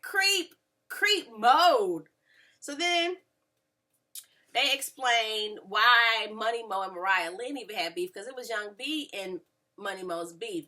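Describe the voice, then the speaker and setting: A woman, casually recapping a reality show and acting out quotes with lively voices. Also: medium pitch. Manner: animated, mimics people in quotes. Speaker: reality TV reviewer.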